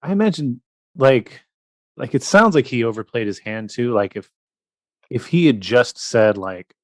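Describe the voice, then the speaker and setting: A man's voice: mid-range voice, lively intonation, measured pace, dry recording. A man hosting a casual podcast interview, reasoning aloud in a conversational way. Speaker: podcast host.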